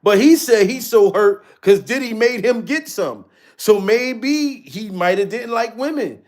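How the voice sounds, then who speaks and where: A man's voice: high voice, lively intonation, a little slow. A man hosting a casual livestream, chatting with viewers in slangy talk and laughing often. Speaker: livestream host reading chat.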